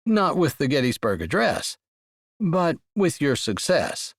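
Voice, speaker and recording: A man playing a relaxed, gently wry young man in a romance story. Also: a little high, a little slow, dry recording, studio quality, full character voice.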